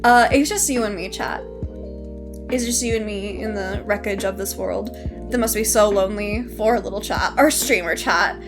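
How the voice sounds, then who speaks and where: A woman streamer chatting casually, rambling and excitable, jumping from one thought to the next. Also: mid-range voice, normal speed, music in the background. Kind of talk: casual live-stream chat.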